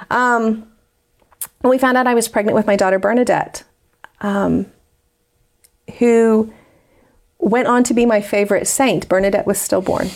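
A woman's voice: fairly high pitch, fairly even intonation, unhurried, long pauses, a little mellow. A woman from the United States, a guest in an interview, earnestly telling a personal story with frequent fillers.

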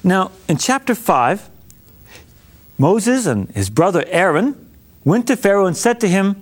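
A man's voice: high-pitched, very animated, unhurried, pauses often. A man teaching an informal Bible lesson with folksy, jokey asides.

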